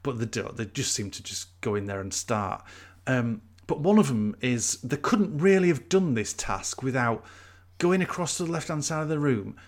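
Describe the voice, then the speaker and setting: A man's voice: medium pitch, animated, moderate pace, few pauses. Chatty man explaining. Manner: chatty, explains at length with fillers. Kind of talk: casual chat.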